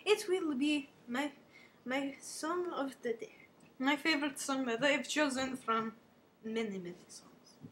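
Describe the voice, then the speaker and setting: A woman hosting a homemade comedy show in a theatrical, bossy way, swinging between loud scolding and hushed asides. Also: high-pitched, a little slow, a little hiss or hum.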